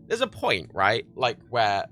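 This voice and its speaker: A man's voice: fairly low pitch, a little slow, faint music behind. A man hosting a livestream, ranting heatedly and swearing a lot as he gives his opinions. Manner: heated, profane, animated. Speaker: livestream host.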